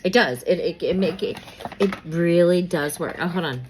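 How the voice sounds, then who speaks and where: The recording is poor, with a bit of hiss or hum, and the woman speaks at a moderate pace in a fairly low voice. She gossips casually about celebrities as she does her makeup, rambling and repeating herself with lots of fillers and occasionally whispering names while pulling cards.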